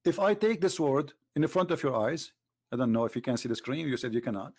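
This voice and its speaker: A man's voice: quick pace, darkish tone, husky. A man hosting a heated live debate with a caller, mocking him and talking over him. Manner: mocking, talks over the caller, switches to a low aside voice. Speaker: host.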